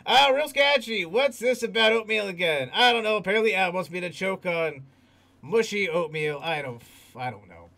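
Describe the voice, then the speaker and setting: High-pitched gravelly livestream host. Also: male voice, animated, normal speed, pushed and bright. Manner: laughs often, reads chat aloud. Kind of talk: casual livestream chat.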